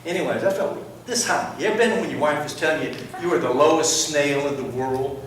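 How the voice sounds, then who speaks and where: A man telling a lively story as a sermon, acting out the voices of the people in it. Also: fairly high pitch, brisk, far from the mic, a little hiss or hum. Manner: animated storyteller, acts out quotes. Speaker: preacher giving a testimony. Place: large church sanctuary. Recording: echoey hall, heard from afar.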